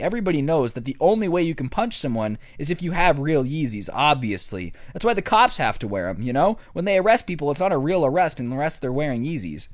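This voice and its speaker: A young man telling a comic story to camera, sarcastic, with crude deadpan asides. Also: a little high, fast, few pauses, no room sound. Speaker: vlogger.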